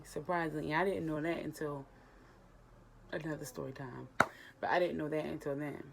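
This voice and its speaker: A young woman vlogger casually retelling a personal story, animated and emotional, acting out the dialogue. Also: low voice, fairly quick, gravelly, slight background noise.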